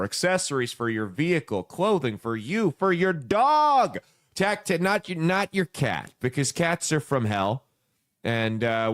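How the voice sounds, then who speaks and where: A man in his thirties hosts a casual podcast, telling stories in a brash, crude, joking way. His voice sits in an ordinary middle pitch. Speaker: podcast host.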